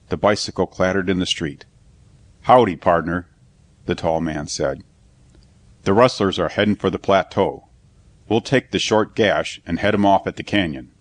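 Deep-voiced man narrating a story. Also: no room sound. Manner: even storytelling with lightly voiced dialogue. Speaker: audiobook narrator. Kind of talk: scripted narration.

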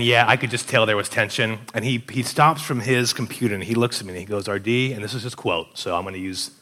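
A young man chats through relationship advice, telling stories and slipping into quoted voices. His voice sits on the low side, and the recording carries a long, roomy reverb. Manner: animated storyteller, acts out quoted voices. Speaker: co-host giving relationship advice. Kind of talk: casual advice talk with stories.

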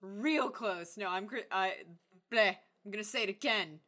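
A woman's voice: medium pitch, steady tone, brisk, sharp tone. Bubbly, jokey young woman. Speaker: podcast co-host. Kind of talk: casual chat.

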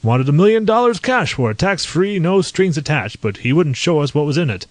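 A man's voice: a little high, big pitch swings, fairly quick, no echo, pitched above the performer's own voice. A man voicing a jovial, dismissive male army colonel who talks in a breezy, offhand way.

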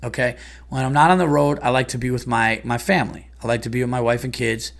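A middle-aged man, ranting in a casual podcast monologue, profane and exasperated, swinging louder and higher when annoyed. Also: fairly even intonation, fast talker, vocal fry. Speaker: comedian and podcast host.

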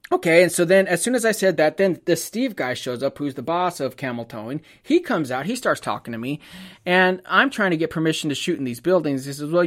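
A man, a photographer, telling a casual anecdote, acting out the dialogue and laughing often as he goes. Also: high voice.

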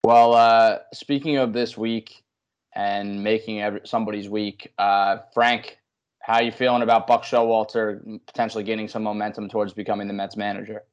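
Brief: low male co-host, relaxed sports chat, muffled lo-fi audio. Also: normal speed. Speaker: podcast co-host. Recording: dull lo-fi audio.

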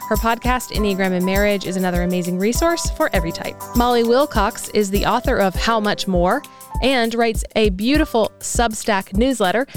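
A woman hosting a podcast, reading an upbeat outro and thanking listeners. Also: on the high side. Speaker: podcast host.

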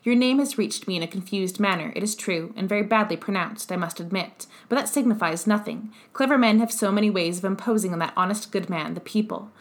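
A woman reading a dying old revolutionary, measured and even. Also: mid-range voice, lightly acted. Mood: indignant. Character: dying old male revolutionary, bitter and fierce. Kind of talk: audiobook character reading.

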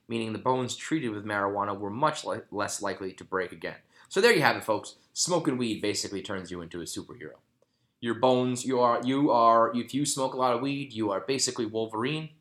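A man's voice: on the low side, a bit bright. Rambling, profane male news host. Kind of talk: casual news commentary.

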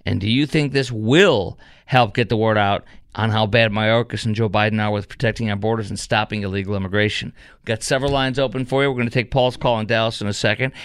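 A man's voice: lowish voice, fairly even intonation, fast, fairly bright tone, smooth, dry recording. A man hosting a radio call-in show, talking emphatically and indignantly with plenty of fillers into a studio microphone. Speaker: radio talk show host. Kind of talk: talk radio commentary and call-in.

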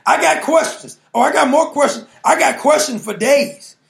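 High, gravelly-voiced male preacher. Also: normal speed. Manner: fires rhetorical questions, jokes and laughs with the congregation; colloquial, playful preaching. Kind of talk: sermon.

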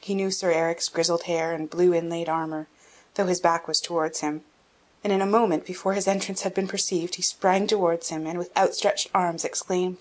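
A woman reading a classic children's novel aloud in even, measured narration. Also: lowish voice. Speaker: audiobook reader. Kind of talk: scripted narration.

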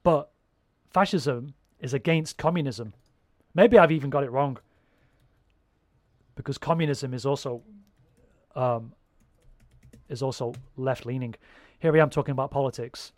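A man's voice: medium pitch, unhurried, long pauses, darkish tone, no echo. A man in casual chat, rambling and swearing freely as he talks.

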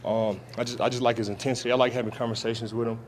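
Halting man answering press questions. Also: medium pitch, flat delivery, slight background noise. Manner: halting, many restarts and fillers. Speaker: football player. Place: outdoor training camp media scrum.

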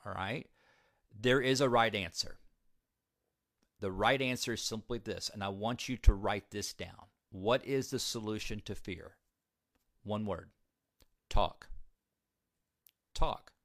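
A man's voice: fairly low pitch, takes it slowly, pauses often, fairly bright tone, dry recording, studio quality. A man giving a motivational talk about recovery, emphatic, repeating key points and putting questions to his listeners. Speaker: recovery speaker.

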